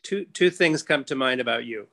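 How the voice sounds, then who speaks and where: An older man giving a reflective personal tribute to a friend, storytelling and gently mocking himself. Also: mid-range voice, moderate pace, creaky. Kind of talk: warm personal tribute in group.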